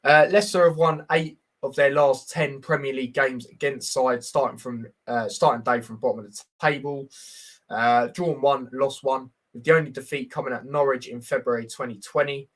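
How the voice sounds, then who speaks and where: A man's voice: mid-range voice, steady tone, normal speed. A young man giving casual, blunt football predictions on a livestream, reading stats and viewer comments with lots of fillers.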